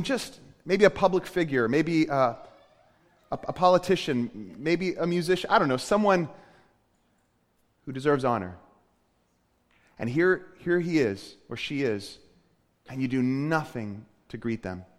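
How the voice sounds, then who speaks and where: High-voiced man preaching in a reverberant hall. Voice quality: animated, conversational preaching with emphatic rises. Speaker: pastor. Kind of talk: sermon.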